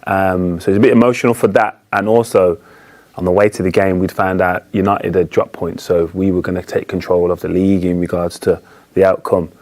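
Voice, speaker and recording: Man, very low voice, football pundit, casual, filler-heavy. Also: fairly quick. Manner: relaxed, anecdotal, frequent fillers. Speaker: studio pundit. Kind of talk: casual studio chat.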